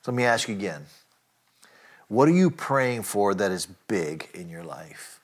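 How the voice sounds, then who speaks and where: A man preaching a sermon, earnest and emphatic, often asking his listeners direct questions and filling pauses with "uh" and "you know". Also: lowish voice, very animated, breathy edge. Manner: earnest preaching with rising emphatic lines and frequent fillers. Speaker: pastor.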